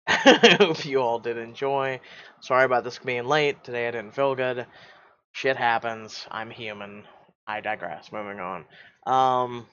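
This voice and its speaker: A man's voice: fairly high pitch, a bit bright, smooth. A man reading a story game aloud and chatting in a casual, joking way. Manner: joking, casual, swears freely. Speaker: game playthrough reader and YouTuber. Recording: dull lo-fi audio.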